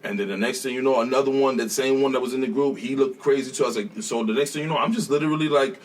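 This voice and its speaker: A man, a teacher on as a guest, tells stories at a rapid clip, acting out quotes with laughter in his voice. He sits a little back from the mic, so the sound sits slightly distant. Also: mid-range voice. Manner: animated, laughing storyteller who acts out quotes. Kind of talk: casual storytelling interview.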